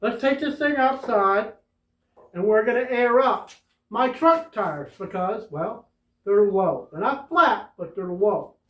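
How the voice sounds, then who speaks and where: A man's voice: high-pitched, lively intonation, takes it slowly, fairly bright tone, distant mic. A man doing a casual, rambling tool demo with lots of fillers and restarts. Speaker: tool reviewer. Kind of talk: casual product demo vlog. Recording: roomy, dull sound from away from the mic.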